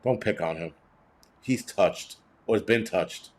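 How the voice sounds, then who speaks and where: A man's voice: lowish voice, a little slow. A middle-aged man hosting a livestream, reading chat and ranting bluntly with heavy cursing in a cranky, rambling way.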